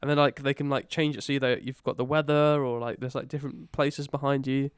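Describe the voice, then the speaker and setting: A man's voice: mid-range voice, level tone, fairly quick, clean tone, no room sound, clean studio sound. A man co-hosting a casual podcast, telling stories with lots of fillers. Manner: rambling, filler-heavy storytelling. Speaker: podcast co-host. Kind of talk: casual chat.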